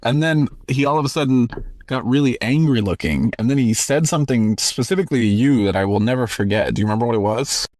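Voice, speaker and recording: A young man co-hosting a comedy podcast, deadpan and playing along with the joke. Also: medium pitch, quick pace, no room sound, studio quality. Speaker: podcast co-host. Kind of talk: comedic storytelling chat.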